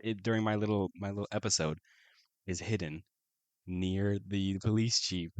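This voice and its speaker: A man playing a solo folk-horror tabletop game, reading the prompts aloud and reacting with excited exclamations. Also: low voice, no room sound. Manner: excitable, keeps saying oh my goodness. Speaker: solo tabletop RPG player.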